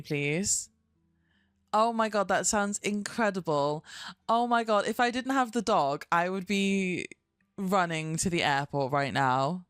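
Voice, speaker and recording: A woman's voice: on the low side, lively intonation, slow pace, clear, resonant tone, no echo, clean studio sound. A young woman, chatting casually and expressively on a live stream, swearing and laughing often. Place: at her desk at home.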